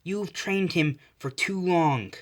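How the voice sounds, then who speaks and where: A man's voice: on the high side, lively intonation, normal speed, fairly bright tone. A fussy old woman healer scolds and soothes by turns, as a man puts her on. Her voice sits raised and pinched. She is a figure in a fan-made story reading. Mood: scolding.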